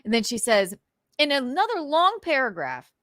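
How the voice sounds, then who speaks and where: A woman's voice: high-pitched, very animated, normal speed, a bit bright, no room sound, clean studio sound. Theatrical woman with a transatlantic accent. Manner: crisp enunciation, goofy, theatrical outbursts. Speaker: show host. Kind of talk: casual rant reacting to online comments.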